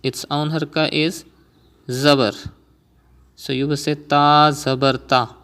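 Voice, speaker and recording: A man teaching a beginner Quran reading lesson, explaining rules step by step and patiently repeating each sound slowly for learners. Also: fairly high pitch, flat delivery, fairly bright tone, clear, resonant tone.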